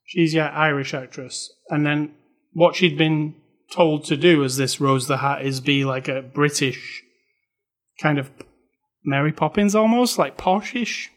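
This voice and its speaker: A man's voice: fairly high pitch, a little slow. A man casually chatting about a film he watched, opinionated and prone to restarting his sentences. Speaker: co-host discussing a film. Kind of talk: casual chat.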